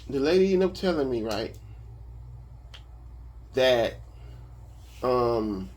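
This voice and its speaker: Man, husky voice, very lively pitch, casual profane storytelling for a vlog. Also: takes it slowly, long pauses. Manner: animated, profane, conversational. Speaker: vlogger.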